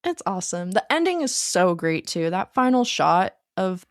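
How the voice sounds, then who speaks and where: A woman's voice: on the low side, sing-song, normal speed, no room sound, clean studio sound. A young woman co-hosting a casual film podcast, eagerly retelling scenes she loved. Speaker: podcast co-host.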